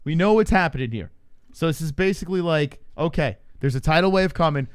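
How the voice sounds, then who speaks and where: A man co-hosting a casual live stream, loud, profane and excitable, quick to shout. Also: fairly high pitch, clear, resonant tone, no room sound, studio quality. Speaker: podcast co-host.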